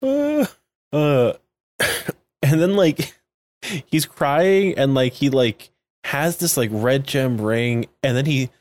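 A man's voice: mid-range voice, lively intonation, takes it slowly, long pauses. Rambling, laughing podcast co-host, man. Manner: rambling, laughing often, many fillers like "like" and "um". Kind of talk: casual chat recapping episodes.

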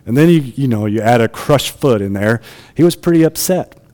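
A man's voice: mid-range voice, expressive, normal speed, warm tone, big-room sound. Man preaching a conversational sermon. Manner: conversational, asks the listeners rhetorical questions.

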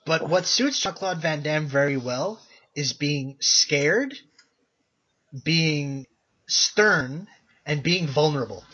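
A man co-hosting a casual movie podcast, rambling through his points with plenty of fillers and restarts. His voice is a little high for a man and husky. The recording sounds dull and lo-fi. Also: slow, bright, forceful tone. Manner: rambling, filler-heavy, self-correcting. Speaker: podcast co-host.

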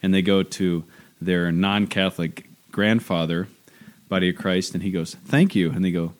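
A young man chatting casually, telling lively stories and acting out children's voices. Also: deep voice, moderate pace. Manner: animated storyteller, acts out kids' voices. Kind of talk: casual chat.

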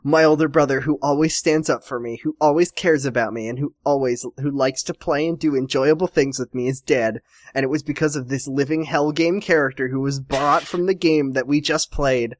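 A woman reading a horror story aloud as a comedy bit, jokey and playful, breaking into high shouted character voices. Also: steady tone, fairly quick, dry recording, clean studio sound. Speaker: creepypasta reader.

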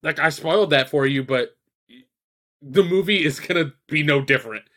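A man's voice: fairly high pitch, normal speed, bright, forceful tone. A man co-hosting a podcast, chatting casually about films in a rambling, profane way, full of fillers and quoted asides. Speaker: podcast co-host. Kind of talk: casual chat reviewing films.

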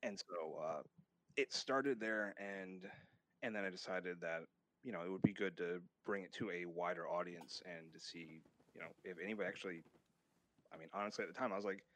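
A man's voice: low voice, a little fast, a bit bright, dry recording. A man, a guest author, talking casually in an interview, rambling a little with fillers and restarts.

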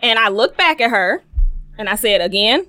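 A young woman co-hosting a casual podcast, telling a story with animated retellings of what people said. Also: a little high, normal speed, soft background music. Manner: animated storyteller, acts out quoted dialogue. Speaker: podcast co-host.

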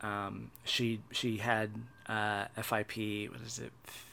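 Halting, wry young man talking. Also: lowish voice, flat delivery, creaky. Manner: halting, many restarts and fillers, wry dark humor. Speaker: vlogger. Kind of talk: casual personal monologue.

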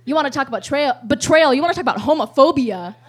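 A woman's voice: high voice, lively intonation, fast. A woman telling a rambling, profane comic story at a live show, laughing often as she goes.

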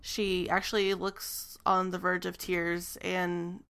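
Woman game master, gravelly smooth voice, halting scene narration. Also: on the low side, flat delivery, fairly bright tone. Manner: descriptive, hesitant with frequent ums.

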